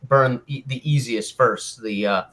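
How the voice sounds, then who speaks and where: Mid-pitched male player, plain delivery. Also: unhurried, fairly bright tone. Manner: descriptive, stops to find words. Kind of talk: tabletop role-play.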